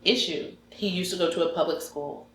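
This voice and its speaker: A woman working as a behavior analyst, telling stories in an earnest, animated way during a casual conversation. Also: fairly low pitch, fairly quick. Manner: animated, earnest, faith-filled storyteller. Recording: roomy echoey room.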